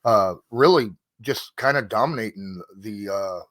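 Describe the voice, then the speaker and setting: Low-voiced podcast host going over stats, dry close sound. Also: male voice, unhurried, a bit bright, no echo. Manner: stat-heavy, conversational. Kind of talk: casual sports talk.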